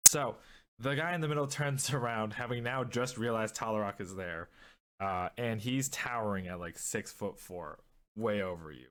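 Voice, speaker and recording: A man with a fairly low voice runs a tabletop game as game master. He narrates in a halting way, stopping and restarting often with fillers. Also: fairly bright tone. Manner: hesitant, many fillers and restarts.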